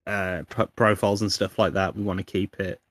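A man's voice: deep voice, level tone, fairly quick, fairly bright tone, no room sound, clean studio sound. A British man co-hosting a casual podcast, joking and swearing, often breaking into mock voice-assistant impressions. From United Kingdom. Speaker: podcast co-host.

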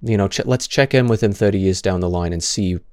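A man's voice: deep voice, a little fast, darkish tone, smooth, no echo, clean studio sound. A man in his twenties who stutters, giving impassioned stream commentary with frequent restarts and repeated words.

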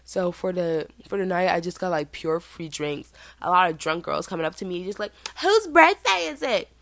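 Twenty-something woman rambling thru a story on her podcast, lowish voice, super dry close mic, kinda sick. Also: brisk, no room sound. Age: 20s. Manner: chatty, animated, mimics other people in high voices. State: feeling sick, burping. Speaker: podcast host. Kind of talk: casual storytelling monologue.

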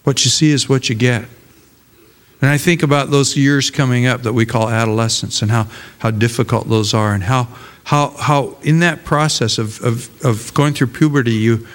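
A man's voice: mid-range voice, big-room sound. An older man and pastor preaching a conversational sermon, often repeating words as he searches for them.

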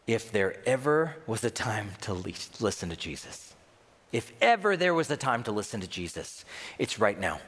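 A man's voice: mid-range voice, fairly bright tone, big-room sound. A man pastor preaching a sermon emphatically, with rhetorical questions.

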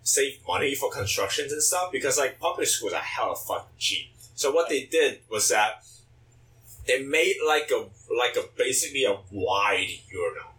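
A man with a Chinese accent tells stories casually on a podcast, his pitch swinging widely. His voice is bright, and he sits a little away from the mic. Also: normal speed, recorded from a distance, low-quality recording. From China. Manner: animated, laughing storyteller. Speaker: podcast co-host.

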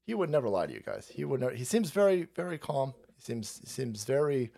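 Profane mocking man with a lively voice. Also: medium pitch, brisk, vocal fry. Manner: crude, mocking, laughing often. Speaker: streamer host. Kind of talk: profane livestream commentary.

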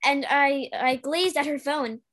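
A woman's voice: high voice, a little slow, a bit bright. A young woman co-hosting a casual chat, hesitant and chatty, with fillers and self-corrections. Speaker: podcast co-host.

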